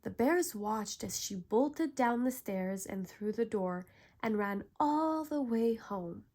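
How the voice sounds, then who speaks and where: A woman narrating a bedtime story with calm, gentle warmth of pace, unhurried and soothing. Her voice sits a touch high and she takes her time over every line.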